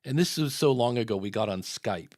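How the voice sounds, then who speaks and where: A man's voice: medium pitch, expressive, a little fast, darkish tone, no room sound, studio quality. A man hosting a casual podcast chat, telling stories and acting out what people said. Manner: conversational, storytelling, acts out quotes. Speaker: podcast host.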